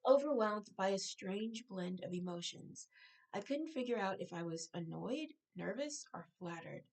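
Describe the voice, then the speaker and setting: A woman author reading her own novel aloud, now and then breaking off to correct herself or make a quick aside. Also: medium pitch, animated, a little mellow, rough recording.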